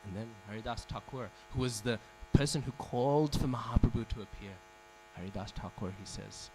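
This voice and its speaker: A man's voice: lowish voice, brisk, a little hiss or hum, low-quality recording. Man telling a devotional story in class. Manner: storytelling, asks the audience questions, acts out quoted speech. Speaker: speaker giving a scripture class. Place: temple hall.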